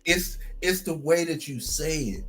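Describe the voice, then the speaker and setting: A man's voice: on the high side, lively intonation, measured pace. A man talking casually on a podcast, laid-back and full of fillers, laughing easily. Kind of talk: casual chat.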